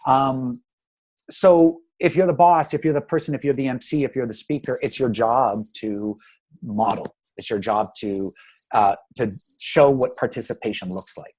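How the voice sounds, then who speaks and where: A man's voice: mid-range voice, normal speed, husky, low-quality recording. A man in his thirties, a guest in a conversational interview, talking animatedly and acting out stories with many restarts. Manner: animated, acts out anecdotes; frequent restarts and fillers. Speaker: guest speaker on engagement.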